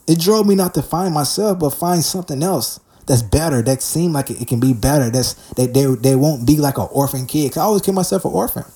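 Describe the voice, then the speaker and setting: A man's voice: fairly high pitch, brisk, few pauses, dark tone. A young man giving a candid spoken testimony about his faith, in street slang, often restarting and calling the listener man or bruh. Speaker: Christian speaker sharing testimony.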